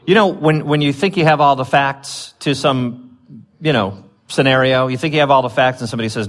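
A man's voice: mid-range voice, brisk, a bit bright. A man preaching a conversational sermon, often stopping and restarting, with his voice lifting when he reads scripture aloud. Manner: chatty, with many fillers and restarts, rising when reading scripture. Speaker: pastor.

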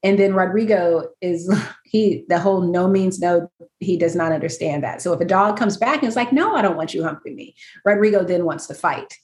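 Woman, casual chat, lowish voice, self-mocking, laughs often. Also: moderate pace, a little mellow, reverberant.

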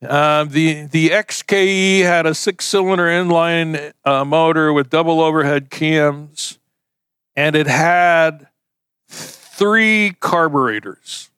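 A man's voice: fairly high pitch, slow, a bit bright, clear, resonant tone, no room sound. A man preaching a sermon in a conversational, folksy way, using homespun illustrations. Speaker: pastor.

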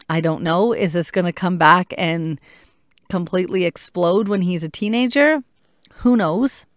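Reflective mother talking candidly, low voice. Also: no room sound, studio quality. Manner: candid, reflective, thinking aloud with pauses. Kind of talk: personal talk to camera.

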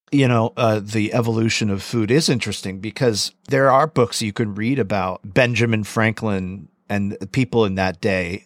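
A man's voice: on the low side, dry recording, studio quality. A man co-hosting a podcast in casual, rambling, enthusiastic chat. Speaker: podcast co-host.

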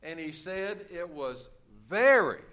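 A man's voice: high-pitched, sing-song, takes it slowly, fairly bright tone. A man preaching a sermon in a folksy, joking way, with frequent filler sounds as he talks. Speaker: pastor.

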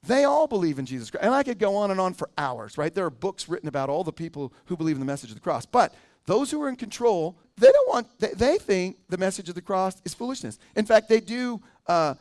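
A man with a high voice delivers a sermon to his church. He preaches casually, stopping often to ask the people in the pews questions. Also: very animated, fast. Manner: conversational, asks the congregation questions. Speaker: pastor.

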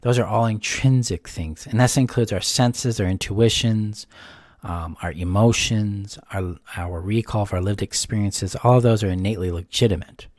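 A man with a fairly low voice hosts a reflective self-help talk. He explains calmly and steadily, building long lists of ideas. The sound is dry and close, with no room around it. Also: no echo. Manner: calm, explanatory, lists things in measured runs. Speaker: self-help host answering a question.

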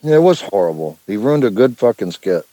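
A middle-aged man chatting as an interview guest, telling long rambling stories, laughing and loudly acting out what others said. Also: on the low side, sing-song, brisk, poor audio. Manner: rambling storyteller, laughs, acts out quotes loudly. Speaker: musician guest. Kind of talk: casual phone interview.

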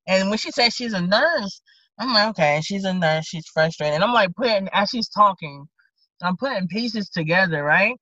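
A woman deputy with a Southern accent recounts a story from her job. Her voice is bright and pushing forward, and she animatedly plays both herself and the people she talks to. The recording is dry and a little dull. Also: mid-range voice, normal speed, no room sound. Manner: animated, acts out both sides of conversations. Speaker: county deputy sheriff. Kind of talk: casual interview storytelling. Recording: dull lo-fi podcast audio.

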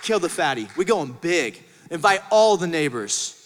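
A middle-aged man, a pastor, preaching a sermon in a church auditorium, acting out voices and swinging between shouts and hushed asides. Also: fairly high pitch, sing-song, normal speed. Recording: large hall with long reverb.

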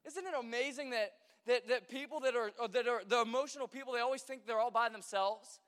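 A man with a very high voice delivers an animated sermon. His words ring out with a long reverb, as in a large church hall. He slips into acted voices for the figures he quotes. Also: fast talker, hardly any pauses, clear, resonant tone. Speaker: pastor.

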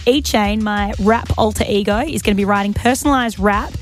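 A woman's voice: mid-range voice, a little fast, faint music behind. Playful woman radio host. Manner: playful, teasing. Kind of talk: breakfast radio banter. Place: radio studio.

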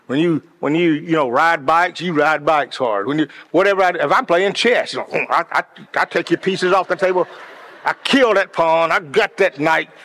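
A passionate man telling stories in a sermon-like talk, his voice sitting a little high for a man. He is earnest and repeats words as he builds toward each point. The sound rings with a long reverb, like a large hall. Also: normal speed, a bit bright.

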